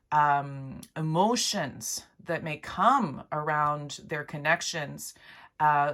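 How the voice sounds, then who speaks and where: A woman giving a spiritual pick-a-card reading, speaking gently and haltingly with many restarts and a heartfelt, emotional tone. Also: low-pitched. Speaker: intuitive card reader.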